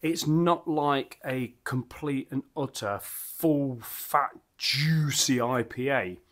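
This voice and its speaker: A man's voice: medium pitch, slow, a bit bright. A man, chatting enthusiastically and rambling as he reviews beer at his home bar. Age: 50s. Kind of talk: casual vlog chat.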